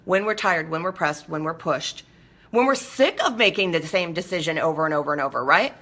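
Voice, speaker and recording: A woman hosts a casual talk segment, addressing her audience directly. Her voice is bright and forward. She talks animatedly, slipping into quick mimicked voices to make her point. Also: deep voice. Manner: animated, acts out quoted voices. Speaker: talk show host. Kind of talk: casual monologue to viewers.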